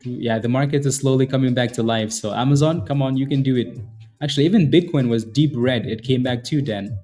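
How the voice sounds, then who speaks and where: Over soft background music, a man with a medium-pitched, dark voice talks a little fast on his day-trading livestream. He chats casually with viewers, calling them by name, repeating himself and hyping up trades as he gives live market commentary.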